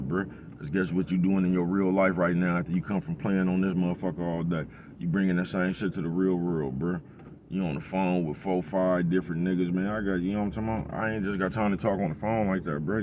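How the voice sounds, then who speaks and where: A man's voice: sits low, background noise. A man, rambling in a casual monologue full of profane street slang and constant "bruh". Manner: rambling, profane street slang, repeats "bruh" and "you know what I'm talking about". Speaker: vlogger.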